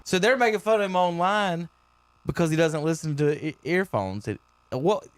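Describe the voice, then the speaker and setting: A man's voice: a little high, normal speed. A man hosting a sports talk show, chatting casually with his co-hosts, laughing often and tripping over his words. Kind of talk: casual sports radio chat.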